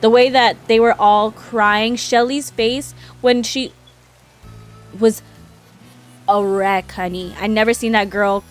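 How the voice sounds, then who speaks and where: Chatty woman streamer, slightly high voice. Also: slow, faint music behind. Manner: chatty, animated gossip with laughs. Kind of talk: casual chat while gaming.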